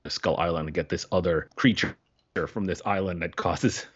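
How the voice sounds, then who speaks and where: With a low, breathy-edged voice at a moderate pace, a man co-hosts a podcast and chats loosely about a film. He tends to ramble, abandon sentences, and laugh a lot, all in dull lo-fi sound.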